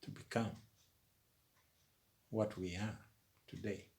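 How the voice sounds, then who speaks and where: A man's voice: fairly low pitch, fairly even intonation, slow, a little mellow. A man delivering an emphatic opinion monologue with a preaching cadence. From Uganda. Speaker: commentator.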